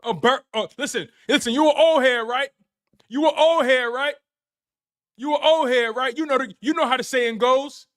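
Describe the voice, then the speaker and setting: A man's voice: very high-pitched, moderate pace. A man hosting a live sports talk stream, talking casually and repeating himself as he banters with his chat. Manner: animated, repetitive, playful trash talk to chat. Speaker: sports show host.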